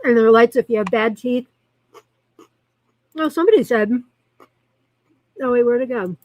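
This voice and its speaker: A woman's voice: a little high, moderate pace, a little mellow, poor audio. A woman hosting a live-streamed show, chatting casually in a rambling way and reacting to viewer comments as she reads them aloud.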